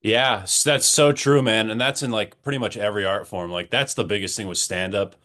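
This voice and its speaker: A man with a lowish voice hosts a podcast in an easy, casual way. He agrees readily and laughs along with his guest. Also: steady tone, brisk, a bit bright. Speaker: podcast host. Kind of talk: casual interview chat.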